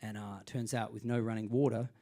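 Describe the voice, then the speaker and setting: A man's voice: on the low side, fairly even intonation, fast talker, mellow. A man, a singer-songwriter, telling a rambling, self-deprecating story between songs at a live gig. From Australia.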